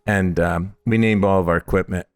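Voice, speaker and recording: A middle-aged man from upstate New York, telling stories as a distillery founder in a casual interview, acting out the voices of the people in them. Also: a little fast. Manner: animated storyteller, acts out quoted voices with big pitch jumps. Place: at his distillery.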